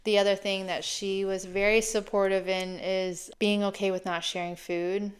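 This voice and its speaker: A woman in her late thirties, a fitness coach, talking casually and reflectively in a chatty, animated way. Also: mid-range voice, moderate pace, smooth. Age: 30s. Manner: chatty, animated, laughs often.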